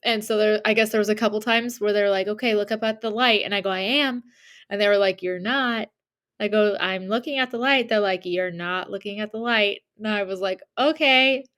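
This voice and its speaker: This young female podcast co-host speaks fairly quickly at medium pitch. Chatting casually, she retells a story with animation, laughing and doing the voices of the people in it.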